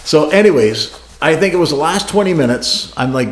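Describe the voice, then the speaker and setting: A man co-hosting a podcast, telling a racing story in a casual, animated way, acting out radio calls and laughing often. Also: on the high side, a little fast, few pauses. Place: garage studio. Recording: roomy echo.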